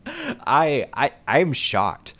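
A man's voice: on the high side, huge pitch swings, very slow, a bit bright. A man co-hosting a podcast in casual chat, hesitant and stammering, and often laughing. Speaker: podcast co-host.

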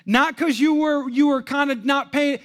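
A man in his thirties delivers a sermon in a high voice. He swings from loud shouting down to a near hush and keeps putting questions to the crowd. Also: fairly even intonation, normal speed. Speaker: pastor.

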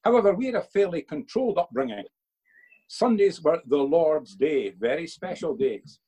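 A man's voice: a little high, expressive, normal speed, mellow, slightly rough, poor audio. An older man, a father being interviewed by his son for a church video, telling earnest stories and quoting himself with emphasis.

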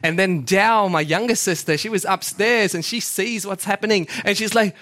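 A young man with a high voice gives a relaxed, story-filled church talk. He is chatty and pokes fun at himself, and he often turns to the congregation with questions. The sound is close and dry, with no room echo. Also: normal speed, hardly any pauses. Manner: chatty, self-mocking, asks the congregation questions. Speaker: church speaker. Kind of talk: casual storytelling sermon.

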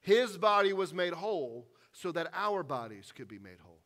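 A man with a fairly high voice preaching to his congregation. He is earnest and deliberate. He slows right down on the weighty lines and falls to a near hush to land a point. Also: very animated. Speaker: pastor. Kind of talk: sermon and closing prayer. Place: church sanctuary.

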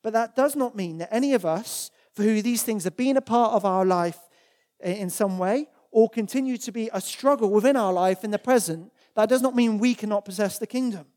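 Rich: A preacher giving a sermon in a church in a mellow, darker-toned voice. The delivery is earnest and emphatic, leaning on repeated words to drive each point home, with Bible verses read aloud along the way. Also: mid-range voice, brisk.

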